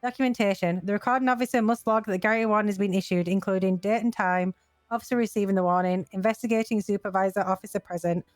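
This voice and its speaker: A woman briskly reading a police policy document aloud on a voice call, with small stumbles. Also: mid-range voice, fairly even intonation, dry recording.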